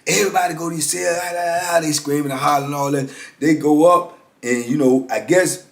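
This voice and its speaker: A man in his fifties, a former prisoner, telling prison stories in a lively, casual street-talk monologue. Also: on the high side, a little fast, gravelly. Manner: animated, vivid street storytelling with frequent "you know what I'm saying". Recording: roomy echo.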